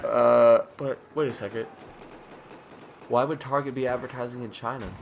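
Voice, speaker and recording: A man's voice: mid-range voice, moderate pace, gravelly, a bit bright, a little hiss or hum. A man giving casual, rambling commentary over his own gameplay, joking and mocking himself as he goes. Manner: rambling, jokey, self-mocking; drowsy, yawning at times. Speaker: gaming video commentator.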